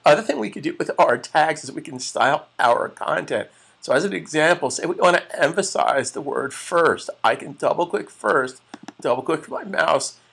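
A man with a gravelly, slightly husky voice walks through a web design screencast. His pitch sits a bit high for a man. He keeps repeating and restating each term and calls the viewers guys. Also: a bit bright. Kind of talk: screencast tutorial.

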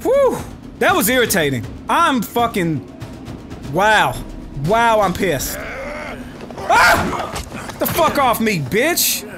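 A young man doing let's play commentary, excitable and profane, trash-talking the enemies in his game. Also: high voice. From United States. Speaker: gaming YouTuber.

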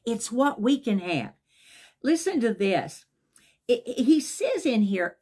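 A woman's voice: on the high side, sing-song, slow, darkish tone, breathy edge. A woman preaching an enthusiastic devotional sermon, emphatic and repeating her key phrases.

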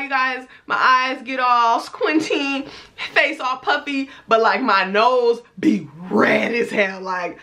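A woman in her twenties telling a casual storytime to camera at home, animated and expressive, swearing freely. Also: fairly high pitch. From United States. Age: 20s. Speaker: vlogger. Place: indoors at home, talking to a camera.

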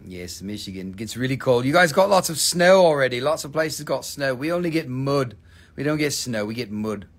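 A man's voice: mid-range voice, lively intonation, normal speed. A man casually hosting a live mineral sales stream, swearing and joking as he rambles. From Appalachian Valley, USA.

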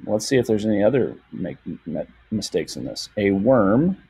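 A young man teaching a lesson over a shared screen, patient and full of fillers, slowing down to sound out words. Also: low-pitched, very animated, creaky, dark tone, breathy edge.

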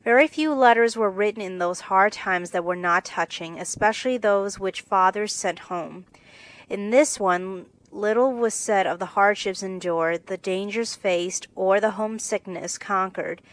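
A woman narrating a classic novel in a steady, clear scripted reading. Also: mid-range voice, a little slow, rough recording. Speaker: audiobook narrator.

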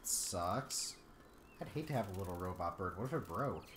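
Woman, very deep for a woman, animated, jokey let's-play chatter, echoey room, faint ambience. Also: normal speed, a little hiss or hum. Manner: joking, teasing, playful. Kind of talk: casual gameplay chat. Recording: roomy echo.

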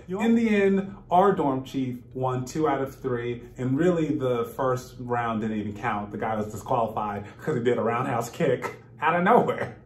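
A man's voice: mid-range voice, moderate pace, few pauses, echoey room. A man vlogging casually, telling a story with laughter and acting out what people said. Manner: animated, laughing, acts out quotes.

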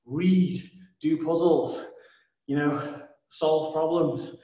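A man's voice: a little high, steady tone, extremely slow. Upbeat man calling out class drills. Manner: upbeat, calls out commands loudly. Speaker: kids' martial arts instructor. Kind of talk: energetic kids' class instruction. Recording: echoey room, far from mic, dull sound.

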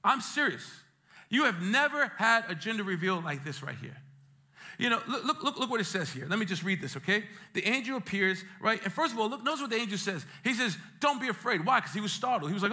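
A male pastor from Brooklyn, preaching a sermon in a church with lively jokes and streetwise asides. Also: sits high, fast. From Brooklyn, New York. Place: church sanctuary.

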